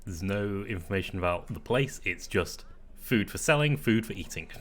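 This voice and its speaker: A man's voice: lowish voice, expressive, normal speed, a bit bright. A man playing a tabletop game in a laid-back, matter-of-fact way. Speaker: player. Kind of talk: casual tabletop role-play.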